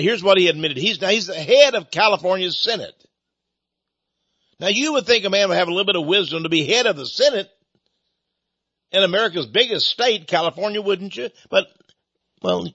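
A man's voice: high-pitched, pushed and bright, slightly rough, no echo, highs cut off. A man from East Texas, hosting a radio talk show and giving a rambling, sarcastic opinion monologue in a folksy way.

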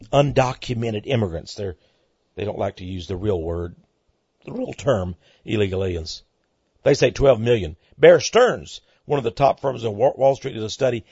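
Husky, animated male commentary host. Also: medium pitch, dry recording. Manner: emphatic, rising to excited outbursts. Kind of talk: monologue commentary. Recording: dull lo-fi recording.

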